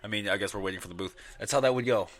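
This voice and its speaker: A man's voice: fairly low pitch, racing. A young man in casual podcast banter, swearing freely and mimicking people in mocking voices. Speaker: podcast co-host.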